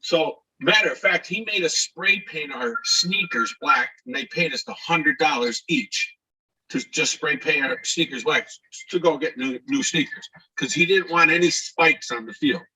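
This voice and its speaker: Direction raspy, bright-voiced storyteller from Scranton. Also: male voice, on the high side, normal speed. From Scranton, Pennsylvania, USA. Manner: animated storyteller who acts out shouted quotes. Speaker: guest, actor and DJ. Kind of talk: casual interview storytelling. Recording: voice a bit far from the mic.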